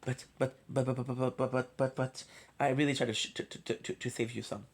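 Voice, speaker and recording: A man's voice: mid-range voice, level tone, a little fast. Rambling, swearing male streamer. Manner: rambling, swears freely, stutters and repeats words; counts aloud while playing. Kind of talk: casual live-stream chat.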